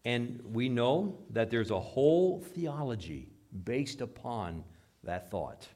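A pastor preaching a sermon, reading scripture aloud dramatically and dropping into quiet asides, asking the congregation questions. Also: male voice, medium pitch, very animated, slow pace. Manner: dramatic, swings between loud scripture reading and hushed asides.

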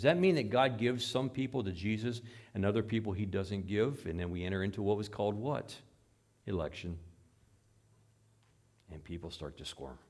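A pastor preaching a sermon, reading scripture aloud dramatically and dropping into quiet asides, asking the congregation questions. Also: male voice, mid-range voice, a little fast. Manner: dramatic, swings between loud scripture reading and hushed asides.

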